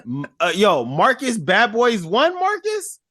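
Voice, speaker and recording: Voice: mid-range voice, huge pitch swings, slow, fairly bright tone, dry recording. A co-host on a movie podcast rambles through the story and leans hard on the key points. The voice swings up and down a lot, and the recording is close and dry. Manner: rambling and emphatic, quotes characters with a laugh. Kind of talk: casual movie-review chat.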